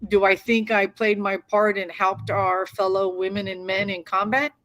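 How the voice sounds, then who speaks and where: A woman's voice: medium pitch, little pitch movement, moderate pace, fairly bright tone. A woman veteran appearing as a guest in an interview, speaking in an earnest, reflective way. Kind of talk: casual interview chat.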